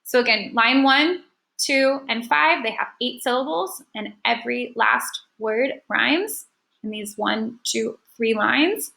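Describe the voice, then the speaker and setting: A woman's voice: a little high, lively intonation, slow, vocal fry, pushed and bright, poor audio. A woman teaching an online lesson for children, encouraging her students and clapping out syllables with them. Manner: counts and claps out syllables.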